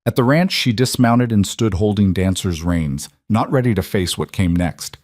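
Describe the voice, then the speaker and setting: A man narrating a frontier romance story in steady, measured scripted narration. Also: fairly low pitch, no room sound, studio quality.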